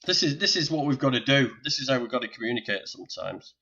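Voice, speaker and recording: A man's voice: mid-range voice, big pitch swings, quick pace, vocal fry, pushed and bright. An older man with a Northern English accent hosting a casual live stream, chatting and joking with viewers while sorting out technical problems. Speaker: livestream host. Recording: dull lo-fi stream audio.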